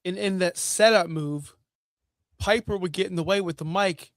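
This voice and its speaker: A man with a high voice co-hosts a podcast and explains things slowly and deliberately. He sometimes mimics other people in a mocking way, recorded dry and close with no room sound. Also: fairly bright tone, dry recording. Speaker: podcast co-host. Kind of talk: casual podcast chat.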